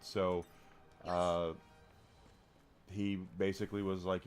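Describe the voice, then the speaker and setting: This man's voice is low and level, and he speaks unhurriedly with frequent pauses over soft background music. He's streaming a game in a chatty way, commenting on his finds and turning to read and answer chat in between.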